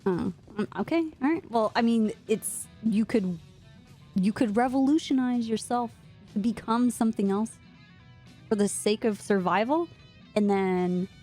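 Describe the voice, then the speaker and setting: A woman's voice: a little high, measured pace, mellow, soft background music. Chatty woman in character as a cop. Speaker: roleplay streamer playing a police officer. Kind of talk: in-character roleplay chat.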